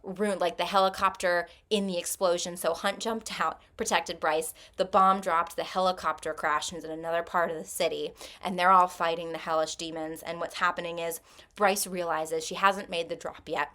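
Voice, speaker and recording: A woman's voice: fairly low pitch, level tone, moderate pace, bright, forceful tone. A woman hosting a book channel, retelling a novel's plot in a casual, rambling way full of "like". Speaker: book review channel host.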